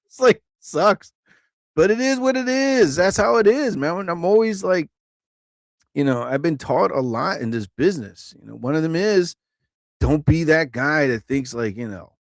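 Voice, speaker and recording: A man hosting a live stream, telling rambling stand-up stories casually, laughing often and jumping into higher voices to act out quotes. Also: lively intonation, normal speed, no room sound. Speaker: live show host, comedian.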